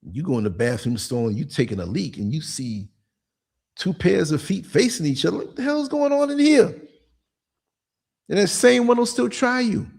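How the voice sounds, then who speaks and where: A man's voice: fairly high pitch, lively intonation, moderate pace, vocal fry, a little mellow, husky. A man in his sixties hosting a podcast, telling blunt, streetwise stories and acting out quotes as he goes. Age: 60s. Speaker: podcast host. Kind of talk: casual monologue commentary.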